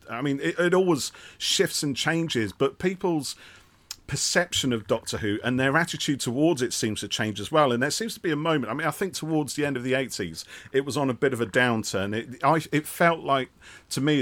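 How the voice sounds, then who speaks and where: A man's voice: medium pitch, fairly bright tone, dry recording. A man in his forties from Yorkshire hosting a casual chat, rambling and enthusiastic with lots of restarts. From Yorkshire, England. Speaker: podcast host.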